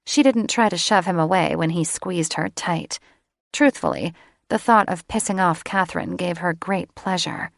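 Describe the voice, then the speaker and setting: A woman narrating a fantasy romance audiobook in a slow, measured way, recorded close in a booth. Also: fairly low pitch, vocal fry, no echo.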